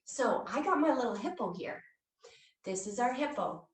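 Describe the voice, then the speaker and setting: A woman's voice: on the high side, animated, moderate pace, a little hiss or hum. A woman leading a guided children's yoga class, speaking in a playful, coaxing way and making animal sounds. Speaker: kids yoga instructor. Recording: echoey room, mic far off.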